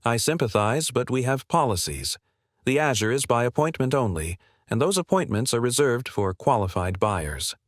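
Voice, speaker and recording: A man's voice: mid-range voice, animated, normal speed, dry recording, clean studio sound, lightly acted. A male narrator reading the lines of a smug, condescending car sales manager who talks down to people.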